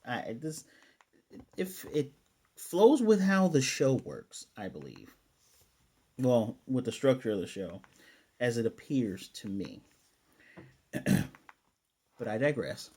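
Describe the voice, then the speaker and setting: A man's voice: medium pitch, very animated, slow pace, long pauses, dark tone, slightly rough. A man casually recapping and reviewing an anime episode, rambling and acting out the characters' lines as he goes.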